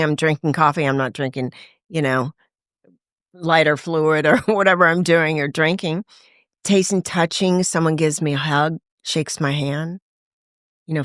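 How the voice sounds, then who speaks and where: A candid woman shares her story in relaxed conversation, her voice sitting a little low for a woman. She slips into the voices of people she quotes and laughs easily. The recording is dry and close, with no room sound. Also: no echo. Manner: animated, acts out quoted voices, laughs often. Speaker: podcast guest in recovery.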